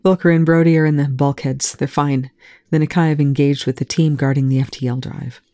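A reader voicing a shaken young man who speaks in a flat, harsh tone, in a fan fiction audiobook. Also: medium pitch, a little fast, dry recording, studio quality, lightly acted. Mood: cold.

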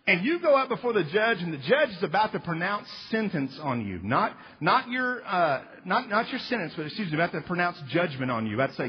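Animated, husky-voiced man preaching. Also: high voice, fairly quick, few pauses. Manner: animated, joking, emphatic, acts out little voices. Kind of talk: sermon. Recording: reverberant hall, dull lo-fi sound.

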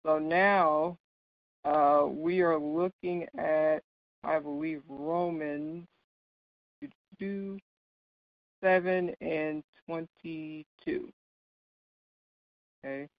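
Slow, higher-pitched male Bible teacher. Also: fairly even intonation, no room sound. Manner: checks in often with "right?" and "okay?"; explains patiently with light laughs. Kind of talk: Bible study lesson. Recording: dull, dry lo-fi recording.

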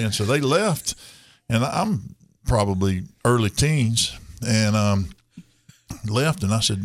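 A man's voice: medium pitch, animated, unhurried, dry recording. A man, hosting a radio talk show and telling a rambling, folksy story with chuckles.

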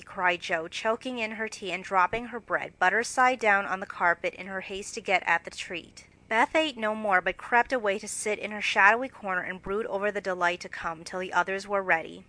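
A woman narrating an audiobook with expressive, measured storytelling. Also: medium pitch, no room sound, rough recording. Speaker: audiobook reader.

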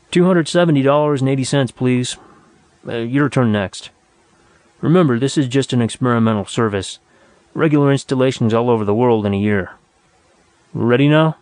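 A man playing a lazy young clerk who handles customers with a casual, offhand drawl and a sly streak. It is a mid-pitched voice in a dry, close recording. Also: a little mellow, no room sound, lightly acted.

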